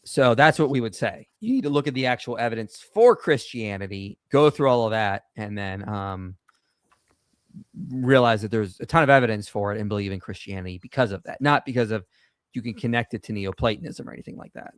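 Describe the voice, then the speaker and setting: A man's voice: on the low side, expressive, brisk, no echo, studio quality. A man hosting a live call-in stream, chatty, reading donations aloud and grumbling about tech problems. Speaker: host of a live call-in show. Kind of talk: casual live-stream chat.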